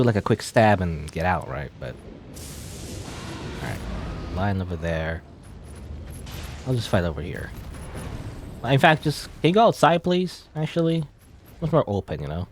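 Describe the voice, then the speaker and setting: Man, let's play commentary, low voice, animated intonation, self-deprecating jokes. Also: background noise. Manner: rambling, musing aloud with self-deprecating jokes. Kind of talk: casual gameplay commentary.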